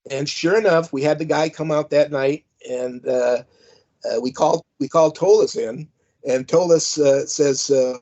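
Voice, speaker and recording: A man's voice: a little high, moderate pace, a little mellow. An older man, a former wrestling manager, telling rambling, amused anecdotes with lots of fillers. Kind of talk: anecdotal storytelling. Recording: dull lo-fi audio.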